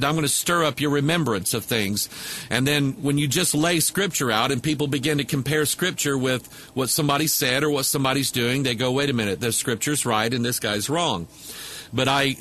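A man's voice: medium pitch, bright, forceful tone, a little hiss or hum. A man preaching to a camera microphone, talking loosely with many fillers and restarts. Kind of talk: casual video commentary.

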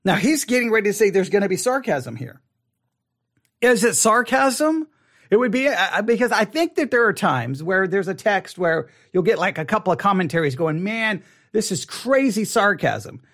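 A pastor leading an online Bible study in a casual teaching style, talking conversationally and asking the audience questions, with many restarts and repeated words. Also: male voice, high voice, animated, moderate pace, fairly bright tone.

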